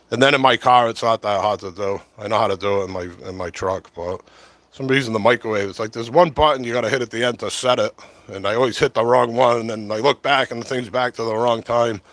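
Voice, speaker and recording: A man's voice: mid-range voice, a bit bright, no room sound. A middle-aged man chatting casually and meandering on a livestream, talking close to a short-corded mic at his camera at home. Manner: chatty, meandering, lots of fillers. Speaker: livestream host. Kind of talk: casual rambling livestream chat. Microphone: short-corded mic right at the camera.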